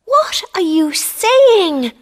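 A woman's voice: high-pitched, takes it slowly, voice pushed up. A woman reading a storybook aloud, voicing a passionate young queen. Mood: insistent.

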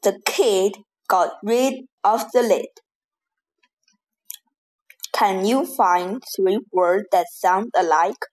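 A woman reading a rhyming-word lesson for children, saying each word slowly and deliberately. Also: mid-range voice. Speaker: teacher reading rhymes.

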